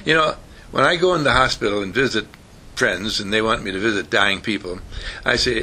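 A man's voice: fairly low pitch, brisk, a little hiss or hum. An older man giving a folksy motivational talk, telling stories and acting out the voices of the people in them. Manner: animated storyteller who acts out quoted voices.

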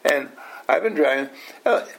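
A man's voice: a little high, lively intonation, normal speed, gravelly, a bit bright. An older man giving an informal talk to a small group, often asking questions, teasing his listeners and acting out the people he quotes. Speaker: household teacher.

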